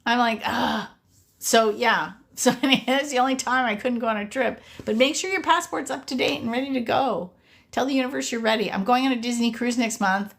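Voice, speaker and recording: A woman chatting casually on a live stream as a sweepstakes coach, excitable and animated, from Canada, and losing her voice. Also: on the high side, brisk, creaky.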